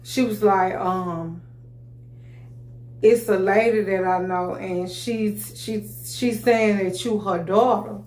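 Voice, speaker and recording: Animated woman telling a story, echoey room. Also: mid-range voice, slow. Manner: animated, full of restarts and "you know what I'm saying". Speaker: vlogger telling her story. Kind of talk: casual storytelling to camera.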